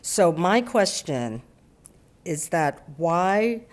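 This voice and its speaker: A woman's voice: lowish voice, big pitch swings, very slow. A woman giving an insistent, unscripted public comment at a city council meeting, sometimes stumbling and restarting.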